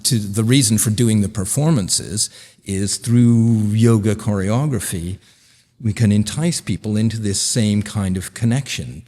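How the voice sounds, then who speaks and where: An older man talks as a podcast guest in a fairly low voice. He explains his ideas with animation, sometimes acting out how an audience might react. His voice carries a long reverb tail. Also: a little mellow. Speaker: guest, theater director and yoga teacher. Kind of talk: casual conversational interview.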